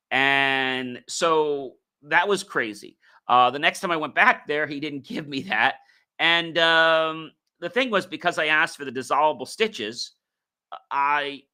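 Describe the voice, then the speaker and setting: A man's voice: medium pitch, bright, forceful tone. A man hosting a podcast, telling a personal story in a casual, rambling way with many fillers and restarts. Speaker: podcast host.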